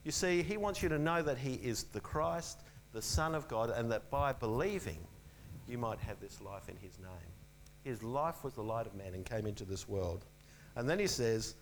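A man preaching a sermon in an earnest, emphatic way, repeating key phrases and dropping to a soft low voice on the important ones. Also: lively intonation, normal speed, slight background noise, rough recording.

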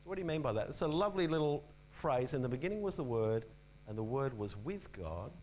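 A man preaching a sermon in an earnest, emphatic way, repeating key phrases and dropping to a soft low voice on the important ones. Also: animated, fast talker, slight background noise, rough recording.

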